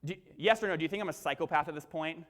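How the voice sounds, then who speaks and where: A young man giving an energetic conference keynote, talking straight to the crowd and acting out his own presenting lines. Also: a little high, rapid-fire, slight background noise. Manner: punchy, crowd-engaging, acts out webinar lines. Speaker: keynote speaker. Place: large conference hall. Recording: long hall reverb.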